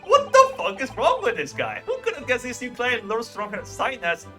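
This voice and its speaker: Brief: man doing a showy vain young student, loud and lively, music underneath. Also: extremely high pitch, normal speed, heavily acted. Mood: dramatic. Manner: theatrical, boastful, loud bursts. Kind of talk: fan voice-over of a game on stream.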